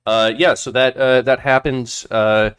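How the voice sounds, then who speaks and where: A man's voice: medium pitch, steady tone, measured pace, fairly bright tone, clean tone. A man hosting a casual political podcast, talking hesitantly with constant filler sounds. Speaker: podcast host.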